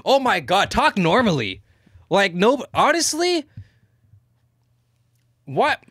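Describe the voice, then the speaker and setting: A man co-hosting a podcast in casual chat, talking fast and stammering, animated and swearing freely. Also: sits high, no echo. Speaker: podcast co-host.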